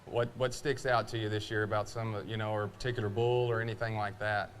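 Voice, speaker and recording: A man's voice: fairly low pitch, level tone, fast, slight background noise. Easygoing man hosting on stage. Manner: easygoing, frequent "right, sure" affirmations. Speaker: stage host interviewing rodeo athletes. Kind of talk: casual live Q&A. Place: live event stage with ambience.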